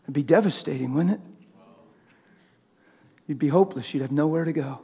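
Male preacher, high and husky, fiery delivery that drops to near-whispers. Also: brisk. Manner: impassioned, swings from loud to hushed. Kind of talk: sermon. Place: church sanctuary.

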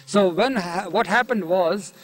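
High-voiced man telling old anecdotes. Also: measured pace, poor audio. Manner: leisurely, with frequent filler "you see". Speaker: interviewee. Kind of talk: anecdotal storytelling interview. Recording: archival 1971 interview recording.

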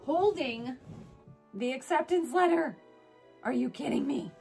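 Gushing, excitable woman with a higher voice. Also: unhurried, vocal fry, soft background music. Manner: gushing and excitable, squealing over items; chatty with self-corrections and asides. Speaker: home and collectibles vlogger. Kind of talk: casual product haul chat.

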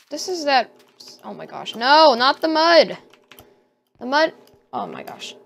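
A woman's voice: fairly high pitch, vocal fry, fairly bright tone, slight background noise. A woman giving casual let's-play commentary, talking to herself and squealing at danger. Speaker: gamer.

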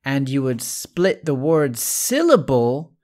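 Male English tutor, unhurried, patient explainer, spells words letter by letter, keeps asking "right?". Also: medium pitch, big pitch swings, darkish tone. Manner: spells out letters and repeats example words slowly. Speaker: English teacher. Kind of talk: recorded online lesson.

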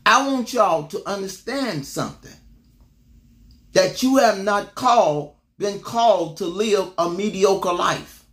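Man, preacher, motivational sermon, high voice, call-and-response, repetitive exhortation. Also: animated, slow. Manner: repeats words when building up, swings from loud to low.

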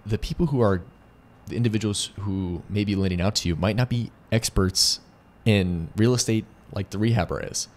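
A man with an American accent co-hosts a casual business discussion for a lending company, adding points, using analogies, and frequently restarting phrases. His lowish voice is a little mellow and moderately paced.

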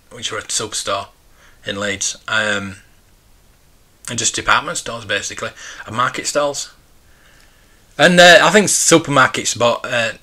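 A lowish, pushed, bright voice belongs to a UK man in his forties hosting a laid-back live stream. He reads viewer comments and rambles on in a nostalgic way.

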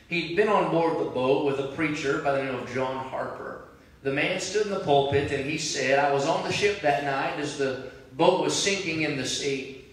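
Pastor guy preaching hard, highish voice, recorded far off in a really echoey sanctuary. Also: normal speed. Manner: preaching, rising to loud impassioned cries. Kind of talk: sermon. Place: large church sanctuary. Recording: very echoey church from a distant mic.

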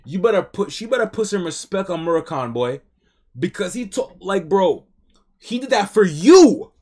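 A man streaming a live reaction to a comic, reading along and breaking in with slangy, excitable commentary. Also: sits high, normal speed. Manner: slangy, excitable, talks back at the story.

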